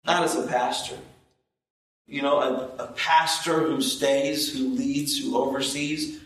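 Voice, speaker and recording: A man preaching a sermon as pastor, slow and emphatic, rising in intensity on key points. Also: medium pitch, flat delivery, fairly bright tone. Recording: roomy echo, distant from the mic.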